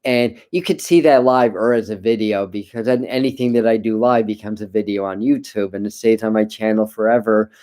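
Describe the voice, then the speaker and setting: Man with a mellow smooth voice, rambling. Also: lowish voice, brisk, hardly any pauses. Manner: relaxed, rambling, frequent restarts and repeated words. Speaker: tarot reader and livestream host. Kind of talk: casual live-stream talk.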